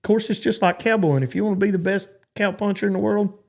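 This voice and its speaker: A man with a high, creaky, somewhat mellow voice speaks quickly in a steady tone. He's a Texan cowboy in his forties on a podcast, rambling through stories with frequent stops and restarts.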